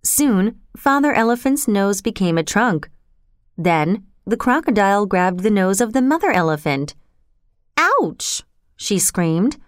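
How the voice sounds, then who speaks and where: A woman reads a children's storybook aloud in an expressive, storytelling manner. Her voice is smooth and clear. The recording is close and dry, with no room sound. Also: medium pitch, normal speed, no room sound. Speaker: narrator.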